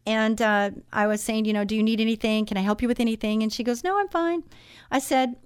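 A woman's voice: on the high side, level tone, fast talker, smooth, no echo, studio quality. A woman hosting a Christian radio talk show, speaking conversationally with many fillers.

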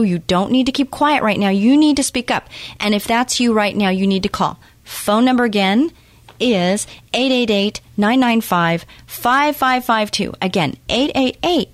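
A woman's voice: mid-range voice, dry recording. Earnest, encouraging woman radio host. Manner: earnest, encouraging, repeats key points. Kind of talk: faith-based motivational talk.

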